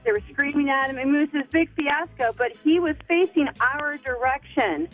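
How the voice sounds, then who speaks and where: Animated high-voiced woman caller. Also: brisk, muffled recording, soft background music. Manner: animated storyteller, exclamatory. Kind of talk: casual phone chat on radio.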